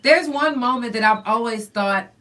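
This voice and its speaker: A woman podcast host talks in a frank, profanity-laced, animated way, spinning stories in loose casual chat. Her voice is bright and forward, with a slightly high pitch. She sits a bit back from the microphone, so the sound has some distance. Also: moderate pace. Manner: blunt, profane, animated storyteller. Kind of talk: candid casual chat, storytelling. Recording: voice somewhat distant from the mic.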